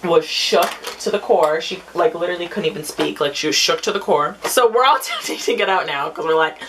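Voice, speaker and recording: Young woman chatting thru a storytime, kinda low voice, lively, bit of background hum. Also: fairly quick. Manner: chatty, animated, acts out quotes in a high voice. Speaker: vlogger. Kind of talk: casual storytime while doing makeup.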